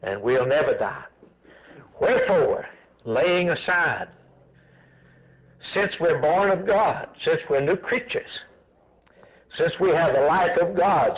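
A man preaching a sermon in a lively, swooping voice that sits a little high. He drives his points home with repeated phrases and answers his own questions. The sound is dull and lo-fi, like an old radio broadcast. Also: a little slow. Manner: emphatic, repetitive preaching cadence.

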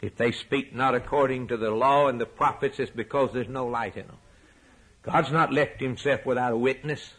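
Husky preacher with soaring swings. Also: male voice, fairly even intonation, moderate pace, low-quality recording. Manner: dramatic swings from soaring emphatic peaks to hushed low lines; rhetorical repetition. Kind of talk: sermon.

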